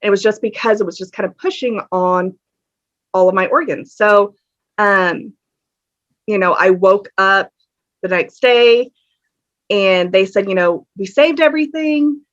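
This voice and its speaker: A woman's voice: mid-range voice, a little slow, pauses often, a bit bright. Woman, earnest guest storytelling on a podcast, kinda dull lo-fi sound. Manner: candid and earnest, with many fillers. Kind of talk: casual interview storytelling. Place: home room with a fan on. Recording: dull lo-fi audio.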